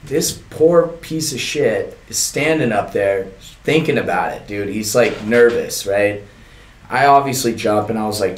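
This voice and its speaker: A man's voice: fairly low pitch, unhurried, echoey room, a little hiss or hum. A young man, a podcast guest, telling a long story in a casual, profane, laid-back way and laughing often.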